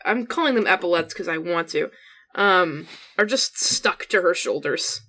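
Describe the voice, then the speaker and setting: A woman's voice: fairly low pitch, expressive, normal speed, sharp tone. A woman co-hosting a podcast in casual chat, wry and teasing, prone to giggles. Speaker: podcast co-host.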